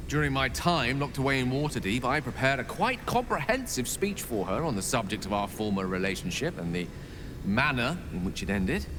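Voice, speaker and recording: A man's voice: medium pitch, noisy background, natural voice. An actor playing a witty, self-mocking male wizard in a video game, talking in a wry, chatty way. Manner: wry, talkative, self-deprecating.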